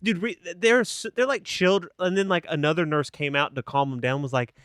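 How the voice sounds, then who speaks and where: A man, a stand-up comedian and podcast co-host, chatting casually and telling an animated story in which he acts out the people he quotes. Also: a little high, a little fast, clean tone, dry recording, studio quality.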